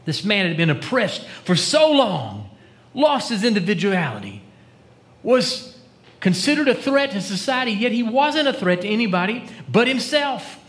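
A man preaches in church in a bright, high voice that rises and falls freely. He talks to his congregation conversationally, asking them questions. He drops to a near whisper for dramatic quotes. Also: big pitch swings, normal speed. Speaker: pastor. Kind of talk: sermon.

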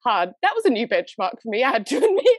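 Animated woman cohost, kinda high voice, dry close sound. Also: fast, no echo. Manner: animated, acts out quotes with laughs. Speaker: podcast co-host. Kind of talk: casual chat about a book.

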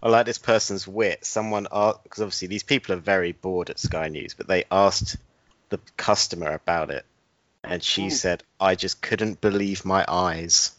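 A man's voice: low voice, normal speed, a bit bright, no room sound, highs cut off. A young man co-hosting a podcast, joking and teasing his partner. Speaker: podcast co-host. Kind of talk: casual podcast chat.

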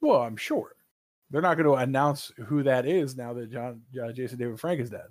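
A man co-hosting a gaming podcast in casual chat, animated and opinionated, swearing freely. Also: medium pitch, normal speed, dry recording, studio quality. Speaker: podcast co-host.

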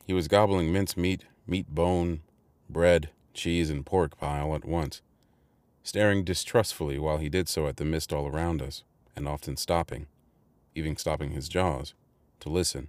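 A man narrating a classic novel in a measured, unhurried storytelling manner. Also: a bass voice, fairly even intonation, darkish tone, no echo. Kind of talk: audiobook reading.

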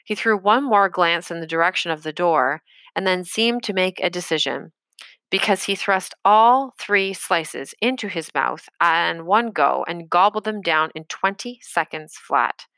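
A woman reading an audiobook chapter in a measured storytelling manner. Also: on the low side, animated, pushed and bright, dry recording. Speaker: audiobook narrator. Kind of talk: scripted narration.

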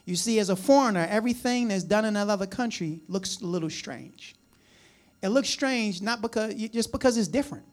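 A man's voice: high-pitched, a little fast, faint music behind. A man from the New Jersey or New York area preaching a conversational sermon, folksy and chatty with frequent asides and chuckles. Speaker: pastor.

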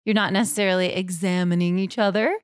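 A woman's voice: on the low side, fairly even intonation, fast, clean tone, no room sound. Teasing woman with dry delivery. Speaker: podcast co-host. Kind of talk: casual podcast banter.

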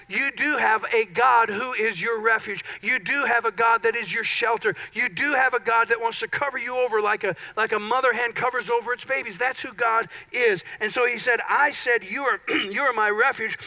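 A man's voice: sits high, bright, forceful tone, low-quality recording. A man preaching a sermon as pastor at a church, mixing playful self-deprecating asides with scripture reading. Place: church sanctuary.

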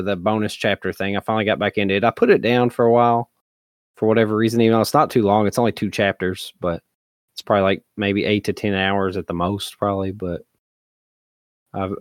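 A man's voice: low-pitched, dry recording, clean studio sound. A man, co-hosting a podcast in easy, casual chat and laughing often. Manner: laid-back, laughs often. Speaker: podcast co-host.

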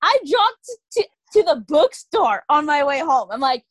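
A young woman co-hosting a casual book chat, animated and quick to act out what people said. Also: sits high, dry recording. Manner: animated, acts out quoted lines, laughs often. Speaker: podcast co-host. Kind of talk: casual chat about books.

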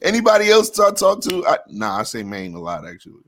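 A man's voice: mid-range voice, wildly swooping pitch, a little fast, a bit bright. A man with a New York accent co-hosting a casual sports podcast, protesting and laughing through profane banter over a remote call. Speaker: podcast co-host.

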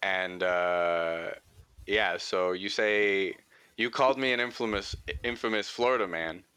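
A man's voice: deep voice, unhurried, sharp tone, smooth, no room sound. A young man hosting a podcast, telling a childhood story in a rambling, profane way full of "like" fillers. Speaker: podcast host. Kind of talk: casual storytelling chat.

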